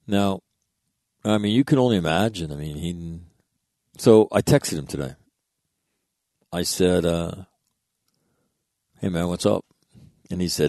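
This very deep-voiced man shares a heartfelt tale in plain, blunt language, cursing without hesitation. His delivery is earnest and monologue-like, a little slow with frequent pauses and a dark tone, captured dry and close without any room reverb.

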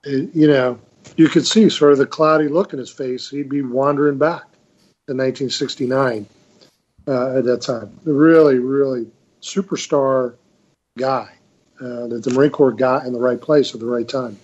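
Older male panelist on a muffled remote line, measured and halting, lots of "uh.". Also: medium pitch, steady tone, darkish tone. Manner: measured, hesitant, many fillers. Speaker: retired Marine colonel, panelist. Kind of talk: casual panel discussion.

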